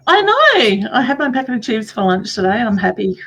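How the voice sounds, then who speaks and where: A middle-aged woman hosting a casual interview, chatty and quick to laugh. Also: on the high side, sing-song, a bit bright, slight background noise. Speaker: host, psychic medium.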